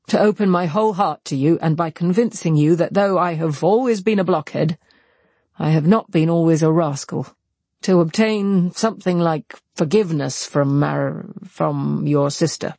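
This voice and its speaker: A man reading aloud and voicing an earnest young gentleman confessing in an intense, serious way. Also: on the high side, vocal fry, slightly rough, no echo. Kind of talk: audiobook character voice.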